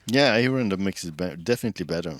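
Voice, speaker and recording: A male streamer with a lowish voice talks casually while he plays, rambling through false starts and thinking aloud. His voice is close to the mic and dry, with no room sound behind it. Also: lively intonation, fast talker, no echo. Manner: rambling, many restarts, chats with viewers while thinking aloud.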